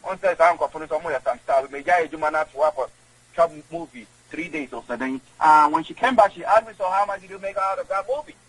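A man's voice: a little high, fast talker, fairly bright tone, slightly rough, rough recording. A man with a Ghanaian accent, a guest in an interview, who rambles and repeats words. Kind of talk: conversational interview.

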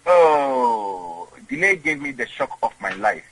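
Rambling husky Ghanaian man. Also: mid-range voice, big pitch swings, takes it slowly, a bit bright, dry recording, poor audio. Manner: rambling, emphatic, repeats himself. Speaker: guest. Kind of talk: casual interview chat.

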